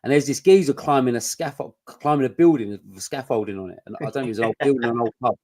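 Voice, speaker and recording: A man co-hosting a podcast, telling stories in casual, sweary, animated chat. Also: medium pitch, fast. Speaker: podcast co-host.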